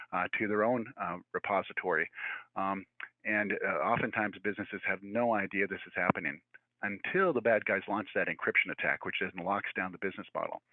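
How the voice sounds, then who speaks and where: A man, likely in his sixties, giving a virtual presentation in a fast, conversational way with many fillers and restarts. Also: on the low side, no room sound. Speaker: guest speaker. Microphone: video call. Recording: tinny phone-like audio, dry.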